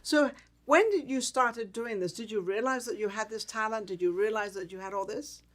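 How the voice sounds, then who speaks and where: A woman's voice: fairly high pitch, normal speed. Chatty, rambling woman talk show host. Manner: rambling, repeats herself, chatty. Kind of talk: casual interview chat.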